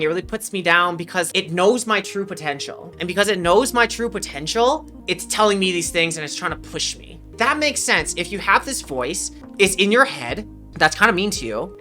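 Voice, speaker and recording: A woman with a lowish voice and a bright, forceful edge talks through her ideas in a loose, slangy podcast chat. She coaches players and laughs often as she works through a point. Her delivery stays relaxed and conversational. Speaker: podcast host and mental performance coach. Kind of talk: casual podcast talk.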